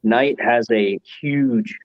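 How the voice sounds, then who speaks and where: A man's voice: mid-range voice, very slow, dry recording. A man, a trucker, chatting plainly and matter-of-factly with a group over a call. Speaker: trucker guest. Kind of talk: casual group chat. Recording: dull dry call audio.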